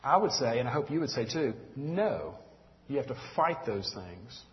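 A middle-aged Mississippi man with a Southern accent teaches a church group, his sermon folksy, earnest, and chatty as he addresses listeners as y'all. His mid-range voice swings widely in pitch at a normal speed. The audio is dull and lo-fi, captured in an echoey hall with an audience present.

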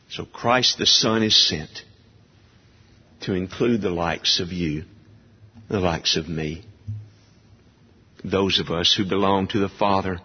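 Slow emphatic man preaching in a reverberant hall. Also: husky. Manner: slow, emphatic, rising to a high ringing pitch on key words. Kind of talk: sermon. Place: church sanctuary. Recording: dull long-reverb church hall sound.

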